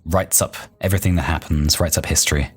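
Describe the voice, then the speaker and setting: A man's voice: rumbling low, fairly even intonation, quick pace, husky. A man hosting a gameplay video, reading the story text aloud and adding joking asides. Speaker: let's play host.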